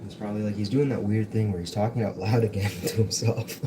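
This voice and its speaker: A man's voice: fairly low pitch, steady tone, fast. A young man hosting a casual cooking livestream from his home kitchen, chatting in a rambling, jokey way as he works. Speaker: livestream host. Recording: noisy home livestream audio.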